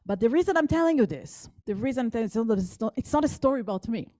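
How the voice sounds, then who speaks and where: Higher-voiced woman telling a story. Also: expressive, fast talker, warm tone, no echo. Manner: engaged, asks the audience questions. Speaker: guest speaker. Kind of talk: storytelling talk to an audience.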